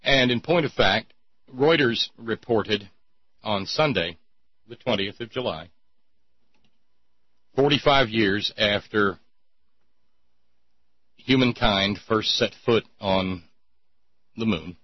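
A man's voice: on the low side, slow pace, pauses often, breathy edge, no room sound, highs cut off. A man hosting a talk show, chatting in a rambling, sardonic way with many restarts. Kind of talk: casual call-in show banter.

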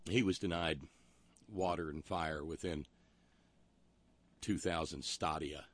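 A man's voice: rumbling low, slow, no echo. A man hosting a talk show, delivering a wry, rambling monologue full of historical asides. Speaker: radio talk show host.

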